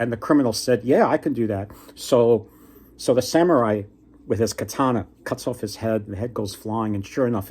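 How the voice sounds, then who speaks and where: Casual man retelling a folktale. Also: darkish tone. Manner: loose retelling with fillers and restarts, voices pitch up for quotes. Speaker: book vlogger retelling a folktale. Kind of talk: casual storytelling.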